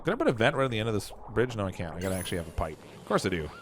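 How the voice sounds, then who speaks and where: A man's voice: on the low side, big pitch swings, rapid-fire, noisy background. A Canadian man streaming a game, thinking aloud and poking fun at his own messy builds. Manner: self-mocking, thinks aloud while building. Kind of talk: casual livestream commentary.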